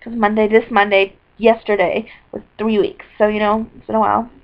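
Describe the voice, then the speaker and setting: A woman talking into her computer's webcam in a rambling video diary, scattered and apologetic, with bursts of excitement. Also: mid-range voice, fairly quick. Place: indoors at a computer. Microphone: built-in computer webcam mic. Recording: dull lo-fi webcam audio.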